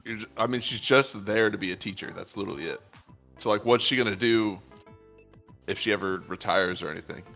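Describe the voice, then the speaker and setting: Co-host, man, low voice, rambly and loose, faint music in the background. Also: fairly quick, sharp tone. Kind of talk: casual chat on a live stream.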